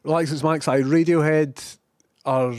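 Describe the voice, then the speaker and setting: A man's voice: fairly high pitch, fairly even intonation, a little slow, darkish tone, no echo, studio quality. A young adult man with a Scottish accent, chatting casually on a livestream and reading out chat, sweary and self-mocking. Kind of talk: casual rambling stream chat.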